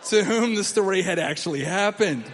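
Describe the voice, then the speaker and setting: A young man tells a rambling story on a comedy stage, his voice pitched somewhat high. He is animated and breaks into laughter at his own lines, slipping into voices for other people. The sound rings with a long club reverb. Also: moderate pace, a faint crowd, slight background noise. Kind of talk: stand-up storytelling.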